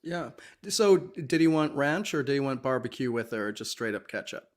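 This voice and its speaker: A man's voice: medium pitch, lively intonation, brisk. A man guest on a radio talk show, talking in a casual, hesitant way. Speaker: paranormal investigator guest.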